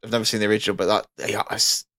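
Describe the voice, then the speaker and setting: A man's voice: fairly low pitch, flat delivery, rapid-fire, sharp tone, dry recording. A man co-hosting a casual podcast, talking with enthusiasm and rambling a little as he goes. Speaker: podcast co-host.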